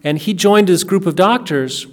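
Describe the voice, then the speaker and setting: A man's voice: high-pitched, moderate pace. A man telling a family story in a casual, earnest way, often repeating words and restarting his sentences. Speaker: speaker recounting a family story.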